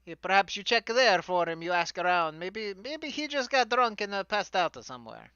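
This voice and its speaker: A fussy fantasy travel writer stumbles through halting, broken sentences in an exaggerated put-on Italian accent, as a man acts him out. The tone is bright and crisp. The recording is dry and a little dull. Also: high-pitched, sing-song, no echo, exaggerated voice. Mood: chatty.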